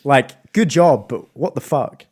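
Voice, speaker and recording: A young man co-hosting a sports podcast, excitable and swearing a lot in casual chat. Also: medium pitch, a little slow, husky. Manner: excitable, swears often, animated. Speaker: podcast co-host.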